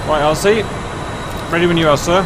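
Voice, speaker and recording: Excitable male gamer with a higher voice, playful running commentary, recorded over steady background noise. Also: fairly quick. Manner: playful, exclaiming, self-mocking. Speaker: flight sim group member and video host. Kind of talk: joking gameplay banter.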